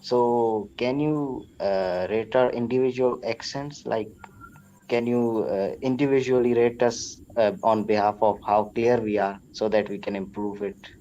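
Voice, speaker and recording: Mellow-voiced man asking over dull call audio. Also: mid-range voice, fairly even intonation, unhurried, slight background noise. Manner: earnest questioning with fillers. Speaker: student on a call. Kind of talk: live online class question.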